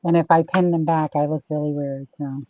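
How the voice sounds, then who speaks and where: A woman's voice: deep voice, fairly even intonation, a little fast, muffled recording, slight background noise. A chatty, self-deprecating woman hosting a casual livestream chat over a video call. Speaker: event host.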